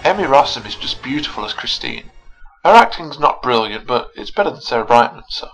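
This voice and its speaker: Male film reviewer, husky voice, sarcastic and animated delivery. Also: medium pitch, a little fast, faint music behind, low-quality recording. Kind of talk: scripted video review narration.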